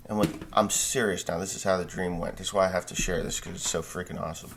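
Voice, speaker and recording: A man with a deep, gravelly voice tells a story in a loose, rambling way. He swears freely and keeps breaking off to correct himself. His manner is that of a casual farmer vlogger. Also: fairly even intonation, fast, few pauses, noisy background. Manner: rambling, profane, self-interrupting.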